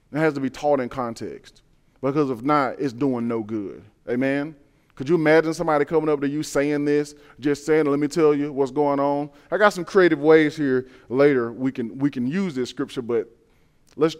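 A man delivering a sermon in a notably high voice. He preaches with animation, slips into quoted voices, and trips over repeated words as he builds his point. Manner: many repeated word restarts.

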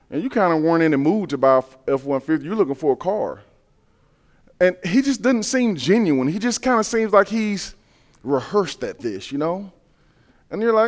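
High-pitched guy giving a sermon, earnest and chatty, repeats his points. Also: expressive, normal speed, big-room sound. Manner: earnest, swings between soft low asides and loud rising emphasis; conversational, uses everyday scenarios and repeats key phrases. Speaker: preacher.

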